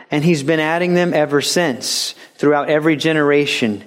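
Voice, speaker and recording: A man preaching a sermon as a pastor, animated and joking, sometimes putting on voices for the people he quotes. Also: a little high, moderate pace, few pauses.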